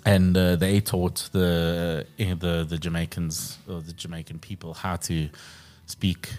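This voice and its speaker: A man's voice: low-pitched, flat delivery, a little slow, a little mellow, faint music behind. A South African man co-hosting a casual podcast, telling stories with lots of swearing and joking. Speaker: podcast co-host. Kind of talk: casual chat.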